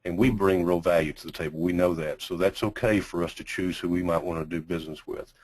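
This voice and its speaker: A man with a Texas accent teaching a sales training class, speaking slowly with deliberate pauses and emphasis. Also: low voice, fairly even intonation, a little mellow, low-quality recording.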